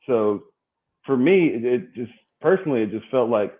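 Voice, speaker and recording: A man's voice: medium pitch, expressive, normal speed. A man from a band reflecting earnestly, in a rambling way, on the early days with their producer. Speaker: band member, guest. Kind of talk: casual chat. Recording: thin phone-like line.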